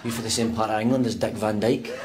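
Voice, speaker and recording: A man's voice: fairly low pitch, fairly even intonation, fast talker, noisy background, natural voice. An actor with a Scottish accent playing a sarcastic, bickering man stuck in a lift. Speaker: sketch character. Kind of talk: TV comedy sketch.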